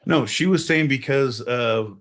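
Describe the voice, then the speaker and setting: A man's voice: medium pitch, measured pace, fairly bright tone. Casting note: male podcast co-host, rambling and profane, riffing for laughs. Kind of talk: casual comedic chat.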